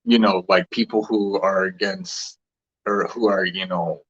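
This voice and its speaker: A man's voice: sits low, steady tone, a little slow, a bit bright, muffled recording. A man hosting a casual livestream, rambling loosely with restarts and fillers as he greets viewers. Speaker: livestream host.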